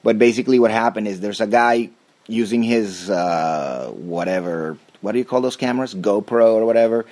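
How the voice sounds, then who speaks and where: A man's voice: lowish voice, expressive, moderate pace, darkish tone. Rambling male podcast host. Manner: rambling, with fillers. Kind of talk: casual chat.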